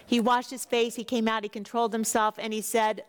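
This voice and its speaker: A woman's voice: a little high, level tone, brisk. A woman reading scripture aloud and explaining it in an earnest, devotional way, asking her listeners questions. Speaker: Bible teacher. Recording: long hall reverb.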